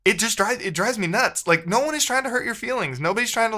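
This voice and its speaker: A man's voice: high voice, sing-song, normal speed, music in the background. A man rambling in casual livestream chat with his viewers, frustrated and often correcting himself.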